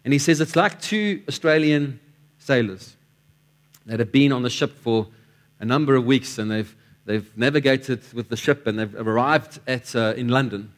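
A man's voice: mid-range voice, moderate pace. A man delivers a sermon to his congregation. His delivery is conversational and anecdotal, and he restarts and repeats words as he builds his points. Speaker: preacher.

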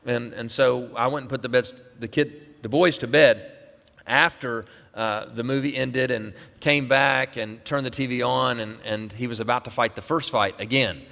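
Middle-aged pastor guy rambling, lots of uh and restarts, mid pitch, long hall echo. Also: steady tone, moderate pace, gravelly, pushed and bright. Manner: rambling, with many fillers and restarts. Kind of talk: casual sermon opening.

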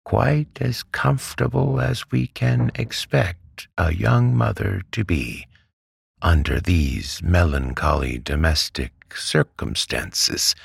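A man voicing a timid, mild male doctor who speaks meekly and softly, for a storybook reading. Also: low voice, slow, vocal fry, breathy edge, no room sound, studio quality, pitched above the performer's own voice, heavily acted. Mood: meek soothing. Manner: meek and soft-spoken. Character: meek, timid male country doctor, mild and soft-spoken.

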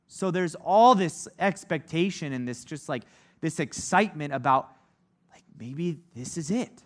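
A man preaching in a relaxed, chatty way, peppering his talk with "like" and slipping into the voices of the people he describes. His voice sits a little higher than most men's. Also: measured pace. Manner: conversational, heavy use of "like", acts out quoted voices. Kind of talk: casual Bible teaching.

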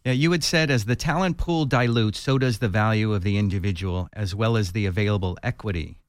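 A man interviewing a guest, asking short curious questions in a measured way. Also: fairly low pitch, no echo. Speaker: interviewer, podcast host.

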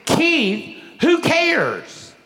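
A man's voice: sits high, huge pitch swings, drawn-out words, gravelly, big-room sound, a little hiss or hum, voice pushed up, exaggerated voice. A man playing his blunt, exasperated male friend, raising his voice impatiently. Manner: shouting, impatient.

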